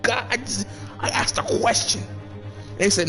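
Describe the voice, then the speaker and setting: A young man playing a courtroom game and reacting out loud, excitable and swearing a lot, laughing and rambling in slang. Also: very high-pitched, slow pace, creaky, soft background music. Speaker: gaming YouTuber. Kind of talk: let's play commentary, reading game dialogue aloud.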